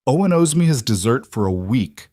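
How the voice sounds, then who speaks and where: A man voicing an excited, smug young girl who fires off eager questions in a storybook western. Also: medium pitch, moderate pace, dry recording, clean studio sound, voice pushed up. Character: girl, teen, excited and chatty, a little smug.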